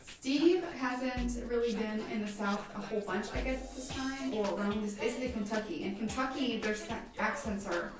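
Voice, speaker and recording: A woman guest in a casual chat, telling stories with lively, loud bursts when she mimics people. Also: a little high, moderate pace, hardly any pauses. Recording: roomy, distant mic with music behind.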